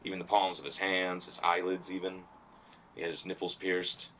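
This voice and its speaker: A man's voice: low voice, little pitch movement, normal speed, bright, forceful tone, a little hiss or hum. A man hosting a podcast, telling rambling stories in casual chat and laughing often. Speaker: podcast host.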